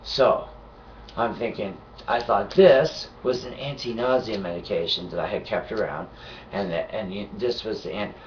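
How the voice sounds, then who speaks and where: A sick, nauseated man in an angry, profane vlog rant, swinging from low muttering to shouting. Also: normal speed, recorded from a distance, highs cut off, a little hiss or hum. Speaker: vlogger.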